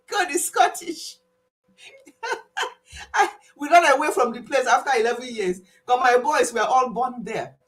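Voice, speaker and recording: Her high-sitting voice moves unhurriedly through a casual health channel live stream, recorded with poor audio. A Nigerian woman with a Nigerian accent and Igbo as her first language, she tells stories with animation, laughs frequently, and weaves in Igbo words.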